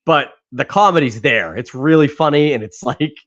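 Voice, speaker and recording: A fairly high-voiced man co-hosts a casual podcast chat, rambling along and laughing often as he talks. He swears casually. The sound is dull and lo-fi. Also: normal speed, fairly bright tone. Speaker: podcast co-host.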